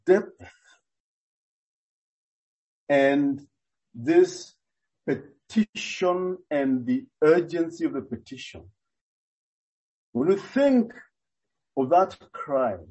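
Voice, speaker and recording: A man delivers a sermon at an unhurried pace, his voice sitting high but sounding warm. He works through the passage earnestly and deliberately, often hesitating and restarting. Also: rough recording. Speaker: preacher.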